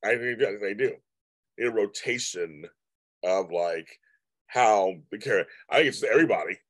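Speaking at normal speed in a fairly low voice, this livestream host chats casually with viewers, rambling, repeating himself and responding to their comments. The recording is dry.

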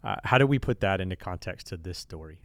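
A man's voice: low voice, quick pace. A man co-hosting a church podcast, chatting casually and telling a story with acted-out quotes. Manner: relaxed storyteller, acts out quoted characters. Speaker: pastor and podcast co-host.

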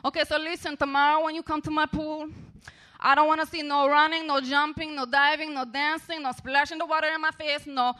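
A woman's voice: high-pitched, little pitch movement, brisk, voice pushed up. A woman putting on a bossy, irritated lifeguard. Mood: scolding. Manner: loud, scolding, clipped commands. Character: bossy irritated female lifeguard barking rules.

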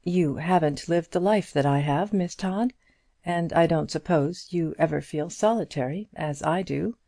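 A woman's voice: low-pitched, a little slow, gravelly, mellow, dry recording, clean studio sound, exaggerated voice. A woman voicing an earnest, modest, lonely single woman in an audiobook reading, in plain sincere tones.

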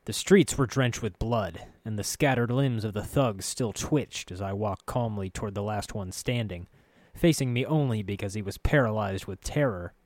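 Man reading a dark fantasy tale, low voice. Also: normal speed, dry recording. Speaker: narrator. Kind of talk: first-person fantasy story reading.

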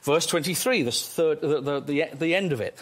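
A man preaching a sermon, excitable, moving between quiet stretches and loud exclamations. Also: fairly high pitch, normal speed.

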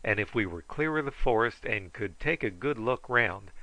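A man voicing a thoughtful grown doctor who calmly reasons things out. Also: on the low side, moderate pace, dry recording, dull audio, close to an everyday voice. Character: thoughtful grown male doctor, calm and sure.

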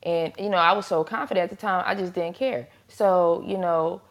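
A woman's voice: fairly low pitch, fairly even intonation, moderate pace. A woman co-hosting a podcast, giving short, plain opinions in casual chat. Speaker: podcast co-host.

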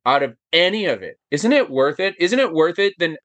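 Male podcast guest, animated chatter, fairly high and very lively voice. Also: fairly quick, no echo, dull audio. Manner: animated, emphatic, rhetorical questions. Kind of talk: casual chat.

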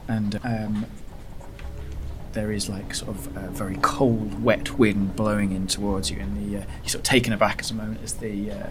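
A man running a tabletop horror game as game master, narrating slowly and hesitantly with many fillers. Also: fairly low pitch, level tone, music in the background.

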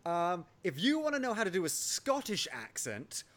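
A man's voice: sits high, wildly swooping pitch, normal speed, fairly bright tone. An English man co-hosting a podcast, chatting casually as a playful storyteller. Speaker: podcast co-host. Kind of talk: casual chat.

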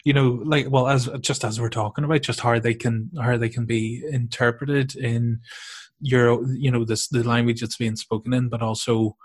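An eager man joins a casual chat, cutting in with quick bursts of enthusiasm. His voice sits at an ordinary middle pitch. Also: level tone, husky.

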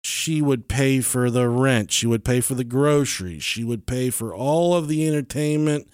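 A man hosting a podcast, telling a true-crime story in casual chat, animated and swearing freely. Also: mid-range voice, moderate pace, smooth, dry recording, clean studio sound. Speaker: podcast host.

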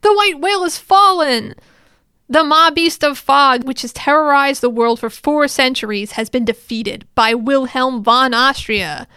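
A woman's voice: on the high side, steady tone, vocal fry, fairly bright tone, clear, resonant tone, dry recording, clean studio sound. A woman reading as a formal noble commander. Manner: formal, measured.

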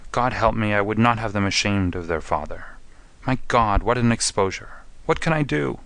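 A man's voice: on the low side, expressive, moderate pace, bright, forceful tone, dry recording. A man playing an anguished refined prisoner. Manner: pleading and anguished. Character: desperate, refined gentleman prisoner, male.

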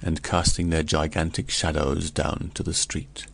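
A man reading a gothic tale aloud in the first person, in a measured, solemn way. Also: rumbling low, level tone, gravelly, breathy edge. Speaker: audiobook narrator.

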